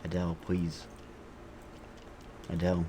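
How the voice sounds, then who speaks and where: A man's voice: low-pitched, monotone, measured pace, noisy background. A man streaming a video game live, chatting casually in an offhand, rambling way with lots of fillers. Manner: rambling, offhand, thinks aloud with frequent fillers.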